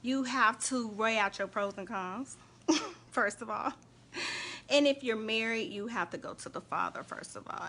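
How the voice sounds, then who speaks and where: A woman hosting a casual faith and relationship live stream, chatting animatedly and shouting out viewers by name. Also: on the high side, unhurried, a little hiss or hum.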